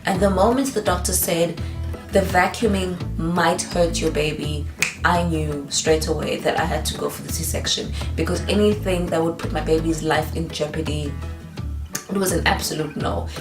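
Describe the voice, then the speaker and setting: A young woman telling a personal story in a slow, hesitant way, with many pauses and fillers. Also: sits low, fairly even intonation. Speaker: vlogger. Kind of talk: emotional storytime vlog. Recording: roomy echo, a bit off the mic, faint music.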